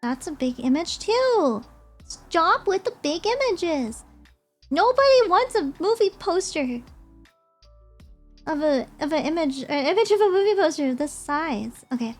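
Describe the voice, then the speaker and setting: A woman's voice: extremely high pitch, big pitch swings, unhurried, soft background music. A young woman streamer chatting casually and rambling as she ranks movies, often giggling.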